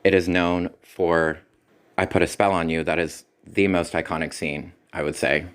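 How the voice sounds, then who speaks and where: A man's voice: sits low, little pitch movement, moderate pace. A man giving a spoken movie review in a critical, sarcastic way. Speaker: film reviewer.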